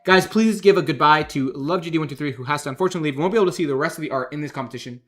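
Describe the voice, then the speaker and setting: A man's voice: a little high, very fast, fairly bright tone. A man casually commenting on fan art during a livestream, joking, laughing and reading donation messages aloud. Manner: chatty, jokey, reads donations aloud, laughs often. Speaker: game developer streamer judging fan art.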